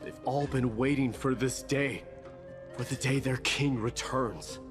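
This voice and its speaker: An actor voicing an earnest young heir who refuses a crown and seeks revenge, in a game. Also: male voice, medium pitch, fairly even intonation, a little slow, close to an everyday voice. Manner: earnest, intense. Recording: game cutscene with music behind.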